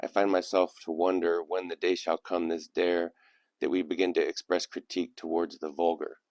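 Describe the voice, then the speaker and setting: Male host, deep voice, close dry sound; reads submitted poetry and drifts into reflective asides. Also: flat delivery, moderate pace, darkish tone, no room sound. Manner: reflective, digressive. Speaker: channel host. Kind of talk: casual commentary and poetry reading.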